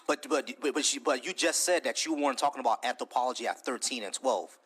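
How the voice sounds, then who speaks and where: Husky-voiced man hosting a heated debate. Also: medium pitch, fairly bright tone. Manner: interrupts, repeats words rapidly, swears freely. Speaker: debate stream host.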